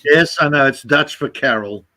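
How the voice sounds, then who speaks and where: A man's voice: on the high side, normal speed, bright, forceful tone, dry recording. A man with an Australian accent who grew up speaking German, telling blunt, swearing stories in casual chat on a home computer mic. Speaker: chat participant.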